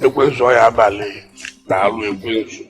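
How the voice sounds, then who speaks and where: An actor with a Nigerian accent playing a menacing male shrine priest, chanting incantations in a low, gravelly murmur. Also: fast talker, lightly acted. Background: music.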